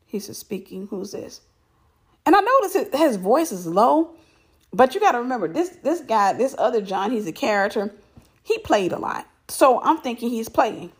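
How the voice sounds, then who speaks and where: Husky woman telling a story. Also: fairly high pitch, normal speed. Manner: animated, repeats herself for emphasis, laughs. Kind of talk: casual personal storytelling.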